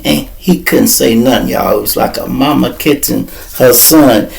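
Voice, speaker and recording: A man, the host of a podcast, tells a story in an animated, profane, slangy way. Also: mid-range voice, normal speed, gravelly, rough recording.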